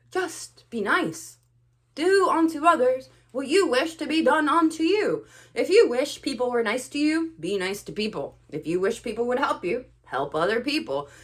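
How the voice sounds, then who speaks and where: Animated, ranting young woman vlogger. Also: high-pitched. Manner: animated, sarcastic, swings between loud and quiet. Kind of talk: ranting to camera.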